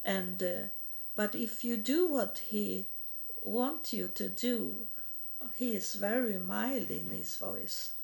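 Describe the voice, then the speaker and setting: Woman, very slow, gravelly, halting testimony with repeated words. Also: medium pitch, a little mellow. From Sweden. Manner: halting, repeats words, non-native grammar. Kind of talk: personal testimony.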